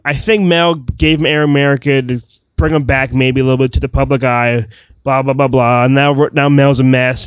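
A man's voice: medium pitch, fairly bright tone, clear, resonant tone, no room sound. A man co-hosting a movie review podcast, talking in an emphatic, gushing way in casual chat. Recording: dry, dull lo-fi audio.

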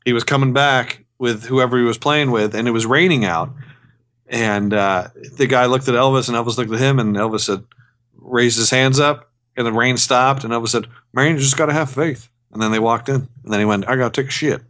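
A man's voice: mid-range voice, steady tone, brisk, a bit bright. A man co-hosting a casual podcast, building up a tall tale toward a punchline. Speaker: podcast co-host.

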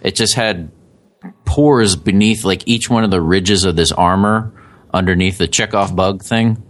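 A man's voice: low-pitched, measured pace. A man co-hosting a podcast, casually explaining creature lore with jokey asides. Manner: animated storytelling, jokey asides. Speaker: podcast co-host.

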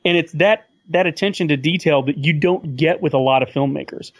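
Male podcast guest, higher-pitched voice, thinks aloud, dry close audio. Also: a little fast, breathy edge, dry recording. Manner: thoughtful, slightly hesitant, repeats words as he thinks. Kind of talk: casual film podcast chat.

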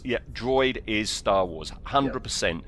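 A man's voice: lowish voice, measured pace, a little hiss or hum. A man co-hosting a casual film podcast, opinionated and emphatic, repeating his points. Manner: opinionated, animated, with emphatic repetition. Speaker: podcast co-host.

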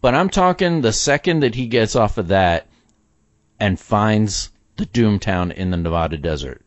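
Opinionated man, lively swooping voice. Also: fairly low pitch, normal speed, no room sound. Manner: opinionated, animated, laughs often. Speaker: podcast co-host. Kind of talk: casual chat about a film. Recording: dull dry lo-fi sound.

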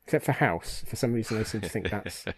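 A man's voice: fairly low pitch, animated, fast talker, breathy edge, no room sound. A British man co-hosting a podcast in casual chat, enthusiastic and chatty, often trailing off and restarting his sentences. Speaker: podcast co-host.

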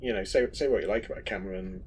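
A man's voice: sits low, rapid-fire, slight background noise, low-quality recording. A man co-hosting a podcast, chatting casually with playful jokes and rambling asides. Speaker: podcast co-host. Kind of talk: casual chat.

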